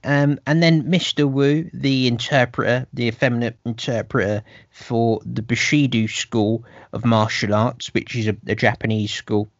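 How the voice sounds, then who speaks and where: A man's voice: medium pitch, fairly even intonation, moderate pace, no room sound. A man co-hosting a casual podcast, recapping a film in a rambling way with many restarts. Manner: rambling, restarts, puts on quoted voices. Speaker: podcast co-host. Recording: dull, slightly muffled, dry sound.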